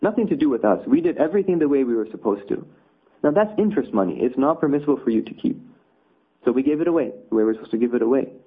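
A man's voice: medium pitch, expressive, racing, husky. A man teaching a conversational religious lesson, explaining with rhetorical asides. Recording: tinny phone-like audio.

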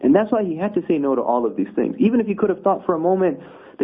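A man's voice: on the high side, sing-song, fast talker, breathy edge. A man teaching a conversational religious lesson, explaining with rhetorical asides. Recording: tinny phone-like audio.

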